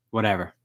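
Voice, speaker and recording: A woman ranting in a postgame fan video, angry, profane and emotional, on a home recording setup. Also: slight background noise. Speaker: sports fan vlogger. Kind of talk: postgame rant.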